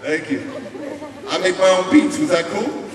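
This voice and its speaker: A man's voice: high-pitched, unhurried. A middle-aged American man telling a life story in a conversational keynote speech. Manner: animated and conversational. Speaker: motivational speaker. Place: large hall. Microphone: distant room mic. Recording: echoey hall, distant mic, faint hiss.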